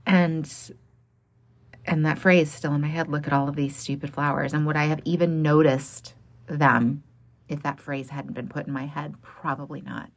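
A woman's voice: low-pitched, fairly even intonation, moderate pace. A woman who runs a small art business tells a personal story frankly and plainly, laughing now and then between lines.

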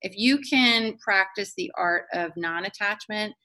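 A woman's voice: medium pitch, measured pace, sharp tone. A woman hosting a casual podcast chat, talking in an earnest, reflective and motivational way.

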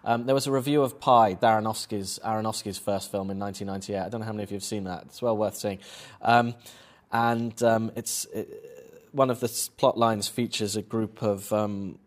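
A man's voice: fairly low pitch, steady tone, normal speed. A man giving a conversational public lecture on film, quizzing the audience as he goes. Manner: chatty, quizzes the audience with questions.

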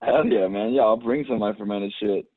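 A man's voice: fairly low pitch, brisk, slightly rough, no echo. A man chatting casually as a podcast guest, laid-back, filling his talk with "like" and acting out what friends say. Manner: laid-back, many "like"s, acts out quoted friends. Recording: phone-like remote call audio.

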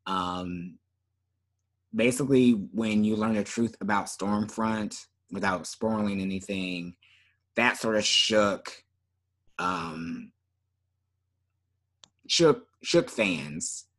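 A man co-hosting a podcast in casual chat, relaxed and often trailing off with fillers. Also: fairly low pitch, takes it slowly, gravelly, long pauses. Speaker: podcast co-host.

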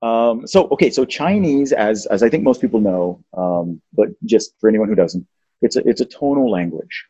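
A low-voiced man with a husky edge talks casually, playfully teaching as a show host. The recording is dry and somewhat dull. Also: expressive, moderate pace, dark tone, dry recording. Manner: playful, teaching, sings out tones. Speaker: podcast host. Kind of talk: casual chat, explaining language.

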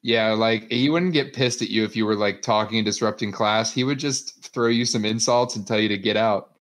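A man's voice: on the low side, a little fast, fairly bright tone. A young man co-hosting a podcast, talking in an easygoing, rambling, reflective way. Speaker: podcast co-host. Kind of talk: casual podcast chat.

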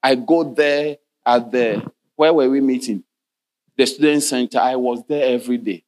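A man's voice: mid-range voice, normal speed, darkish tone. A man preaching a sermon as pastor of a church. He reads scripture in old King James wording and often breaks in with "Hallelujah" and questions to the congregation.

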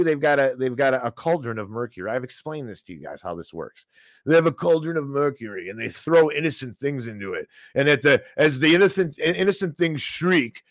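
A man's voice: medium pitch, no room sound. A man hosting a financial news show, giving sarcastic, ranting commentary on economic headlines and peppering it with "okay?" asides.

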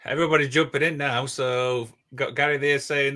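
A man's voice: medium pitch, fairly even intonation, normal speed, sharp tone. A man hosting a podcast in casual chat, giggling and reading out viewer comments. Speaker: podcast host.

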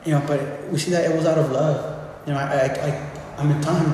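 A man's voice: on the high side, fairly even intonation, quick pace, noisy background. A man giving an informal, conversational sermon, often restarting and repeating words as he explains. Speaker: preacher. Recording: echoey hall with faint ambience.

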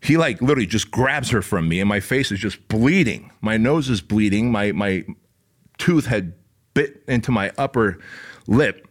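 A man's voice: lowish voice, expressive, moderate pace, slightly rough. A man telling a personal story in a casual, rambling way, full of profanity and fillers.

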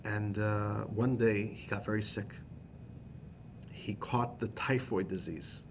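A man, a rabbi teaching a class, telling a story with animated emphasis and repeated phrases. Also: lowish voice, slow pace, muffled recording, background noise. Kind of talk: storytelling lesson.

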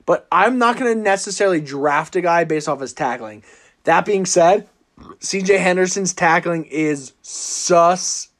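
A man hosting a casual sports podcast, animated and teasing, often breaking into loud laughs. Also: high-pitched, normal speed. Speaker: podcast host.

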